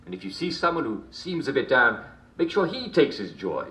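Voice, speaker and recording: An actor playing a jovial, sinister English comedy show host in a video game, theatrical and chuckling constantly between jokes. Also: male voice, medium pitch, sing-song, normal speed, fairly bright tone. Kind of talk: scripted video game character performance. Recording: roomy echo.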